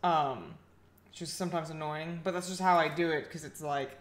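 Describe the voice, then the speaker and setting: A woman's voice: sits low, fairly even intonation, moderate pace, roomy sound. A woman artist chatting casually while drawing on a livestream, easygoing and a little hesitant. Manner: easygoing, hesitant, self-deprecating. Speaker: artist streaming her drawing.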